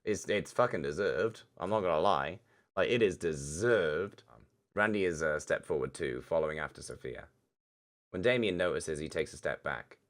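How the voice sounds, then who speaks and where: A man's voice: low voice, lively intonation, normal speed. A young man narrating a story game aloud and reacting casually, with frequent swearing. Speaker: game streamer. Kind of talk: let's-play narration and commentary.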